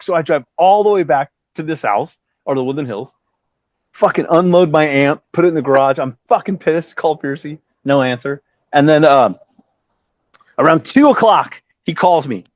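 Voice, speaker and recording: At a moderate pace, a guest musician in his fifties tells a lively story in a casual interview, mimicking others' words with big jumps in pitch and swearing frequently. The recording is dry and has a dull, lo-fi quality.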